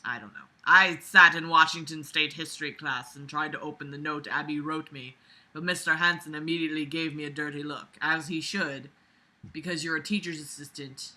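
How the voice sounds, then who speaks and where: A woman's voice: low-pitched, steady tone, fairly quick, bright, forceful tone. A woman reading a fan story aloud and breaking off with sarcastic, swear-filled commentary. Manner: sarcastic, swears often, exasperated. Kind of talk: mocking read-aloud commentary.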